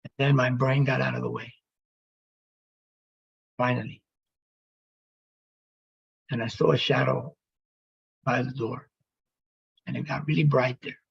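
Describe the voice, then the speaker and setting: A man telling his near-death story as emotional personal testimony, halting and pausing as he speaks. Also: mid-range voice, flat delivery, gravelly, husky, muffled recording. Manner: halting, emotional, with pauses and restarts.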